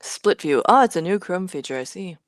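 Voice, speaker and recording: A woman's voice: on the low side, lively intonation, quick pace, no room sound. A woman co-hosting a live hardware build stream, chatting casually and thinking aloud, muttering half to herself as she works through things, with a playful, slangy way of talking. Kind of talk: casual chat.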